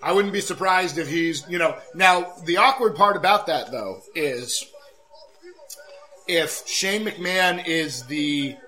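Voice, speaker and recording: Young male host, very bright voice, high and animated pitch, playful joking banter. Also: takes it slowly, poor audio. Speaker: podcast host. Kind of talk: casual chat watching wrestling.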